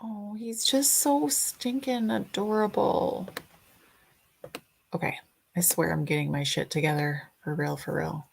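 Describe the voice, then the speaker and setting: A woman's voice: medium pitch, fairly even intonation, measured pace, vocal fry, slightly rough. A woman hosting a casual livestream, chatting and greeting viewers by name, sometimes singing a snippet. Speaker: livestream host.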